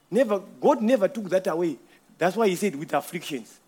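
A man with a strikingly high voice preaches a sermon woven from his own working life. He stumbles over repeated words, rises to loud declarations, then sinks to hushed asides. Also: animated, fairly quick, a little hiss or hum. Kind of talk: sermon with personal testimony.

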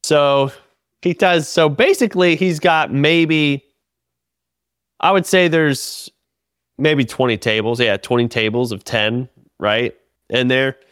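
A man, a comedian and podcast host, telling a story in casual chat, animated and full of swearing and restarts. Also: mid-range voice, takes it slowly, clean tone, no echo, clean studio sound.

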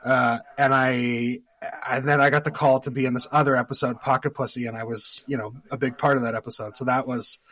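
A man's voice: mid-range voice, level tone, brisk, fairly bright tone. Canadian man telling rambling stories. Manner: rambling storyteller, laughs often, many fillers. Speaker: actor guest. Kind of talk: casual podcast interview.

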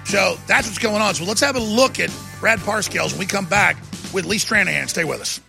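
A man's voice: sits high, fairly quick, gravelly, music in the background. A middle-aged man hosting a political talk show, delivering an emphatic, ranting monologue. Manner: emphatic, ranting, restarts and rising intensity.

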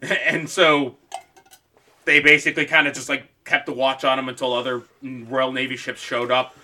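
Bright-voiced man, casual and profane. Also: medium pitch, little pitch movement, normal speed. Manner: profane, laughing, jumps into bits. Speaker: podcast co-host. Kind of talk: casual history chat.

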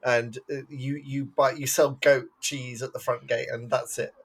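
A man with a mid-pitched voice co-hosts a casual film podcast. He is chatty and teasing, spinning playful scenarios and laughing often. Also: level tone, unhurried, fairly bright tone, slightly rough. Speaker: podcast co-host. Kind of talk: casual chat.

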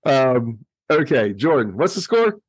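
A man's voice: medium pitch, very animated, unhurried, slightly rough, no echo, studio quality. A man hosting a casual podcast, running a quiz game in a laid-back, joking way.

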